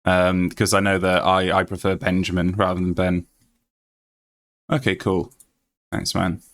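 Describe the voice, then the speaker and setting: Low-voiced Yorkshire man streaming a game. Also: level tone, a little slow. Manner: chatty, rambling, reads aloud with many fillers. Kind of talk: casual live-stream chat.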